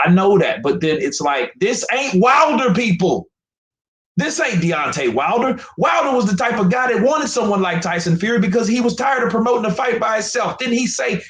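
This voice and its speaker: A man talks straight into his stream, frustrated and emphatic, repeating himself as he swears his way through a rant. His pitch jumps around a lot, and the room behind him is echoey. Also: very animated, a little fast, fairly bright tone. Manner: emphatic, profane, repetitive. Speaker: boxing commentator streamer. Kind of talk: live stream commentary rant.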